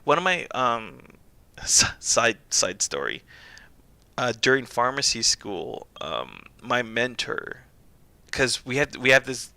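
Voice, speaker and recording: Bright, gravelly young man chatting. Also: mid-range voice, big pitch swings, takes it slowly, no room sound. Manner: rambling, self-interrupting storyteller who laughs often. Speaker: streamer and pharmacist. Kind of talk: casual chat while livestreaming a game.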